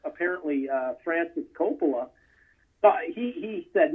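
Guy with a husky kinda high voice rambling about movies, sounds like a phone line. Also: normal speed. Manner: rambling, many fillers and restarts. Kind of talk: casual film chat.

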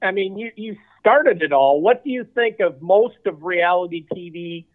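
A man's voice: high-pitched, lively intonation, moderate pace. A man hosting an interview, asking rambling questions with many fillers. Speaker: interview host. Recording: thin phone-like line.

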